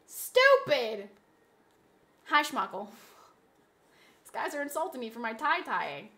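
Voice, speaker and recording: Brash young woman streamer, bright high voice, mouthy banter with chat. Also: huge pitch swings, takes it slowly, long pauses. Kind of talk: casual livestream chat.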